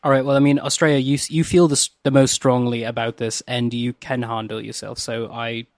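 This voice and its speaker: A man chatting as a player in a tabletop role-play game, with halting restarts and incredulous questions. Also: mid-range voice, level tone, dry recording, studio quality. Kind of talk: casual role-play chat.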